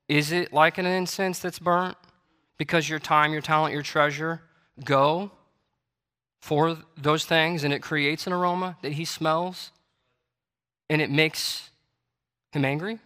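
The preacher's voice is a little high with a sharp tone. He reads scripture aloud in King James wording and builds his sermon to emphatic, repetitive declarations of rising intensity. Long hall reverb marks the church sanctuary setting.

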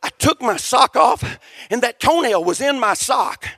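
Casting: male preacher with a very high, gravelly voice, folksy testimony that builds to shouting. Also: expressive, measured pace, no room sound. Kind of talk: sermon testimony.

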